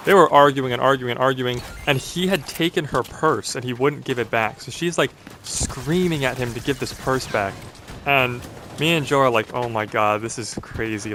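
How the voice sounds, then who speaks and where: A man's voice: medium pitch, a bit bright, slight background noise. A young man in college telling a casual, rambling story, full of "like"s and restarts. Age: young adult. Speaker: vlogger.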